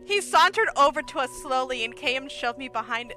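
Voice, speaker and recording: A woman streaming a story game, reading it aloud and reacting with lots of laughter and excited shouts. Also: sits high, brisk, few pauses, soft background music.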